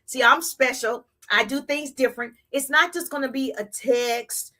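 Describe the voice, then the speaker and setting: A woman giving an energetic, repetitive live-stream coaching talk on social media business, chatting with her viewers. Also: high-pitched, moderate pace. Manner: energetic, repetitive, playful hype.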